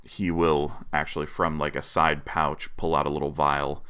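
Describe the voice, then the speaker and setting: A man narrating as dungeon master, laid-back and unhurried, with many filler words. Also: extremely low pitch, little pitch movement, sharp tone, clear, resonant tone. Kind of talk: narrating a tabletop game. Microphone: home microphone on a livestream.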